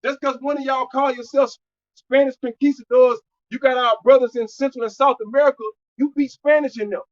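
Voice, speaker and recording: A man preaching loudly and profanely to a street audience, shouting in bursts. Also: very high voice, steady tone, fairly quick, dull audio.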